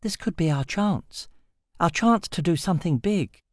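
A man's voice: high-pitched, expressive, moderate pace, no room sound, studio quality, voice pushed up. A man putting on an eager young woman.

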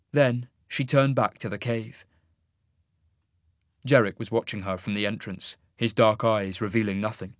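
A narrator reading a story aloud in a slow, even way. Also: mid-range voice, no room sound, clean studio sound.

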